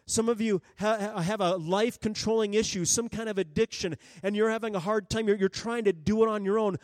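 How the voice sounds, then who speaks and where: Male pastor, high-pitched, earnest and pleading, frequent restarts, dry close sound. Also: fairly even intonation, brisk, no echo. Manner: earnest, pleading, acts out prayers in a raised voice; stammers and restarts often. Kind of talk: sermon. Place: church sanctuary.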